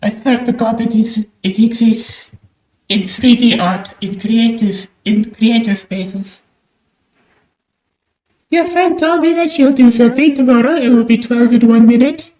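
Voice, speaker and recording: While drawing, a young Australian woman streamer talks with her livestream chat in a high, theatrical bird-persona voice at a measured pace. Pushing that voice has left her throat sounding sore and strained. Her desk mic is set to high gain in a small room at home, so her voice carries a roomy echo.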